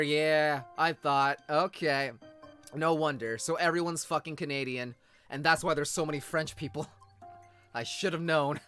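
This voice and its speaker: Bright-voiced excitable male game streamer. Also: fairly high pitch, moderate pace, faint music behind. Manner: excitable, jokey, swears, bursts into loud shouts. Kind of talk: let's play commentary and reading game text.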